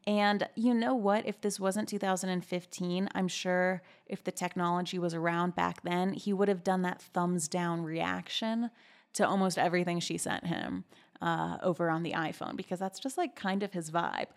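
A woman's voice: fairly low pitch, fairly even intonation, moderate pace. A woman hosting a podcast in a casual, chatty gossip style, giggling and reacting with big, exaggerated disbelief. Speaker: podcast host.

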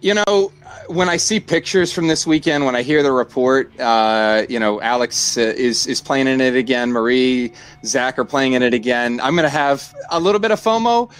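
A man's voice: medium pitch, normal speed, clear, resonant tone. A man, a trivia competitor and new champion, chatting humbly and joking in a post-match interview. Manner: humble, joking, laughs often.

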